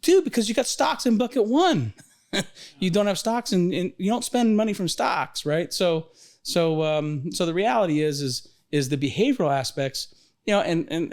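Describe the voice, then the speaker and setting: A middle-aged man with a slightly high voice tells a story in a loose, rambling podcast chat. He jumps back to restart his sentences often and keeps the energy lively and conversational. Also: normal speed. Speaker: podcast host, financial advisor.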